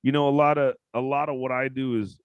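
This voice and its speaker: A man hosting a podcast interview, blunt and outspoken, swearing often and breaking into loud outbursts. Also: mid-range voice, steady tone, fast, clear, resonant tone, no room sound, muffled recording. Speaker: podcast host. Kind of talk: casual interview chat.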